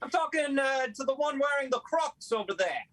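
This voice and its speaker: A man performs improvised comedy in a dry, hesitant voice. His tone is bright and sharp. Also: extremely high pitch, lively intonation, normal speed, poor audio. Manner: dry, hesitant, many uh fillers.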